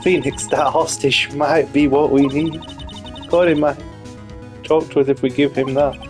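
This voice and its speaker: A man reading the lines of a calm, encouraging woman lawyer who mentors the hero. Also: a little high, unhurried, soft background music, natural voice.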